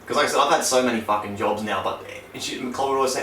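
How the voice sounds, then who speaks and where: A man's voice: medium pitch, racing. A young man, a podcast host, telling stories in casual, sweary chat. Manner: sweary, animated storyteller. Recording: echoey room, mic at a distance, faint noise.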